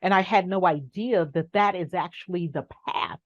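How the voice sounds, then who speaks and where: A woman's voice: on the low side, moderate pace, no echo, muffled recording. A middle-aged woman speaking as an interview guest, frank and emphatic, sometimes reflective. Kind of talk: conversational interview.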